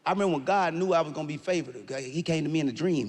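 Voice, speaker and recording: A man doing stand-up comedy, loud and animated, often shouting his punchlines. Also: fairly high pitch, very fast. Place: large live venue with audience. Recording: reverberant hall, faint ambience.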